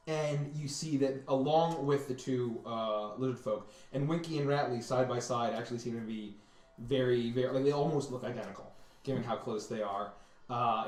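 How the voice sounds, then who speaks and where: A man narrating a tabletop game as game master, describing scenes with many pauses and fillers. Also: medium pitch. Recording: roomy, distant mic.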